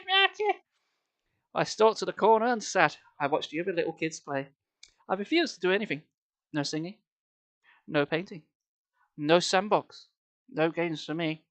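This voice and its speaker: A streamer reads a children's horror book aloud on a live stream. The delivery is dry and sarcastic. It is recorded on a headset mic. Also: mid-range voice.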